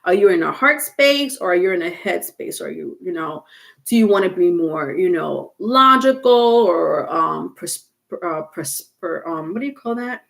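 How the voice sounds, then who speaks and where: A woman reads tarot cards on a casual livestream, talking straight to her viewers. Her voice sits a little low for a woman. She rambles, halts often and fills the gaps with ums while she searches for words. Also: animated, gravelly. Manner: rambling, halting, many fillers and restarts. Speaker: tarot reader.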